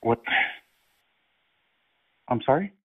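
A man on a prank phone call, calm and mocking, playing innocent. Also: extremely slow. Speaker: prank caller. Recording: phone line.

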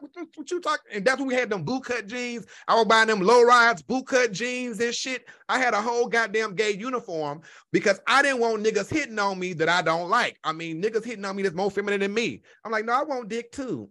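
High, bright-voiced man telling a profane story. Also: fairly quick, few pauses. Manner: profane, animated, lots of exclamations. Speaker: podcast host. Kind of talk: casual storytelling chat.

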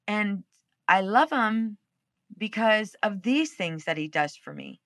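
A woman's voice: mid-range voice, lively intonation, measured pace, a bit bright, dry recording, clean studio sound. A woman hosting a podcast, telling a personal story in a casual, candid way and swearing freely. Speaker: podcast host.

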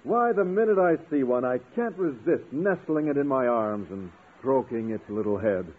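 A man's voice: medium pitch, expressive, normal speed, close to an everyday voice. An actor playing a shy, earnest male biology teacher who loves animals in a 1950s radio sitcom. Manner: bashful, earnest. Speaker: schoolteacher. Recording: tinny old radio broadcast.

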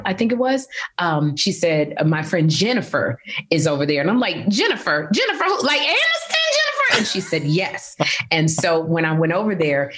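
A middle-aged woman, a guest, telling animated stories in a casual interview and laughing often. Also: deep voice.

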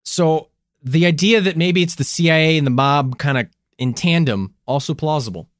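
A man's voice: fairly high pitch, moderate pace, dry recording, studio quality. A man co-hosting a casual podcast, handing out verdicts one by one and joking around. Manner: verdict-giving, joking, swears, laughs. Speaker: podcast co-host. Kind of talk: casual conspiracy podcast chat.

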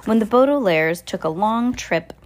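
A woman's voice: mid-range voice, animated, normal speed. A woman reading a novel aloud at home into a phone, chatty and casual, stumbling over words and correcting herself. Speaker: reader.

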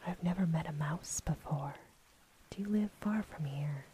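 A woman's voice: sits low, normal speed, a little hiss or hum, natural voice. A woman whispering the role of Cinderella, a kind young woman, in a whispered role-play. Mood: wondering. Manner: soft, hushed, wondering.

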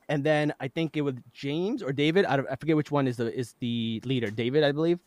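A man's voice: mid-range voice, fast talker, hardly any pauses, a little mellow, no room sound. A man hosting a podcast, casually retelling a TV episode and laughing often as he goes. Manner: chatty, laughs often while retelling scenes. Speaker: podcast host.

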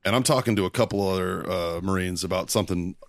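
A man's voice: deep voice, fast, gravelly, no room sound. A man hosting a podcast, telling a crude war story in casual chat, swearing and laughing a lot. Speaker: podcast host, Marine veteran.

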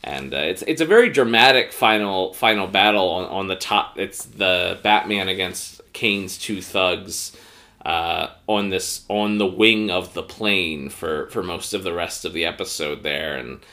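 Male co-host, deep and bright, loose conversational recap style. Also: expressive, measured pace. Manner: rambling, recaps plot with many fillers. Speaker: podcast co-host. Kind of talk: casual episode review.

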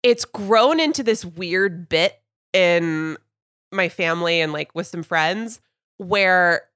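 A woman's voice: fairly low pitch, slow pace, fairly bright tone, dry recording, clean studio sound. A woman hosting a football podcast, telling rambling, chatty anecdotes and steering the talk. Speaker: podcast host. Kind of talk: casual sports chat.

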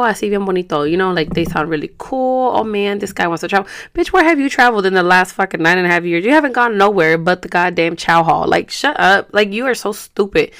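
A woman's voice: mid-range voice, clear, resonant tone. A woman in her thirties ranting to her viewers in a casual vlog, frustrated and profane, slipping in Spanish words. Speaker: vlogger.

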